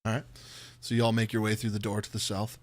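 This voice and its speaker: A man's voice: lowish voice, completely flat delivery, fast. A man running a tabletop role-playing game as dungeon master, narrating scenes in vivid detail with frequent "uh" and "um" fillers.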